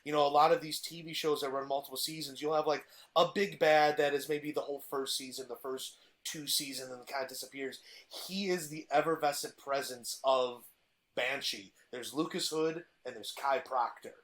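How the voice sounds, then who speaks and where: A man's voice: medium pitch, steady tone, normal speed, a bit bright. A man in casual podcast chat, eagerly retelling a TV plot with frequent restarts. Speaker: podcast guest presenting a TV villain.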